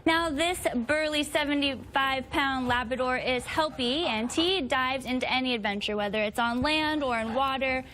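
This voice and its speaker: A woman host with a bright, polished delivery, reading scripted segments about rescued pets. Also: sits high, moderate pace, hardly any pauses, a little hiss or hum.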